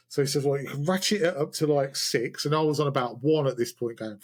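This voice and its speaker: A man hosting a podcast, telling a self-mocking story in a casual, animated way. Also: mid-range voice, quick pace, few pauses. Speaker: podcast host. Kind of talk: casual chat.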